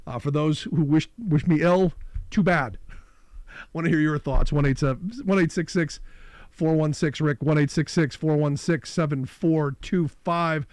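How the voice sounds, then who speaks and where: A man's voice: fairly high pitch, a little slow, a little mellow, dry recording. A man hosting a call-in radio talk show, talking in a loose, opinionated, conversational way.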